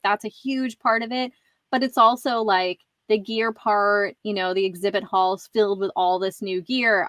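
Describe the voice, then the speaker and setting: A woman's voice: fairly high pitch, a bit bright, no echo. Chatty woman host, close and dry. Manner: chatty, laughs often between phrases. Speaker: podcast host. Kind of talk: casual interview chat.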